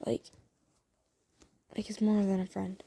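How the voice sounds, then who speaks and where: A woman voicing a flustered young man who confesses his feelings in whispered role-play, halting and stammering through half-whispered lines. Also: medium pitch, little pitch movement, vocal fry, dark tone.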